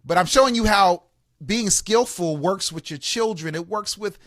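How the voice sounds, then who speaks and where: A man with a high voice hosts a radio advice program, preaching with emphasis and laughing between points. He often repeats words as he builds up steam. The studio sound is dry and close. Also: normal speed, fairly bright tone, no echo. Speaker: radio show host, relationship coach.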